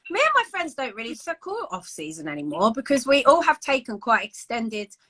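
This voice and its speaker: Brief: young woman, podcast co-host, higher voice with a bright edge, frank and foul-mouthed. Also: sing-song, fairly quick, rough recording. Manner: candid, swears freely. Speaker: podcast co-host, bikini bodybuilder. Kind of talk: casual podcast chat.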